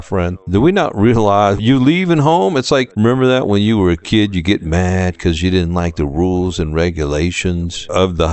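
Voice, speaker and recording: A man's voice: low-pitched, a little mellow, clear, resonant tone. A man preaching a sermon with fervent, rising and falling emphasis.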